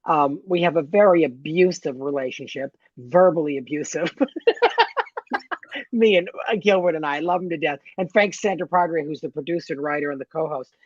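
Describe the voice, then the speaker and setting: A man in his fifties or older, a guest telling stories in a lively, camp way with big swings in pitch. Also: brisk, hardly any pauses, dry recording, dull audio. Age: 50s or older. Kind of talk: casual chat.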